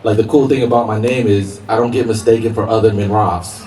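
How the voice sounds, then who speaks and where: A man with a lowish, steady voice delivers a fairly quick stand-up comedy set on an outdoor park stage, laughing through the punchlines. The sound is roomy and open-air, recorded from a far mic with noise.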